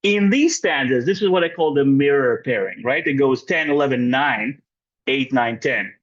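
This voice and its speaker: A man leading a poetry writing workshop, talking animatedly and often checking in with the group. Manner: checks in with frequent "right?" tags; animated, pitch jumping up and down. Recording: muffled lo-fi recording.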